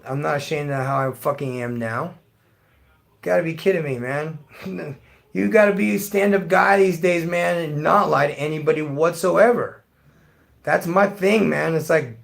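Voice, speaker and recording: Gravelly, profane middle-aged man ranting. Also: on the high side, normal speed. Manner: blunt, heavily profane, ranting. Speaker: livestream host. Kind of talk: profane rant to live chat.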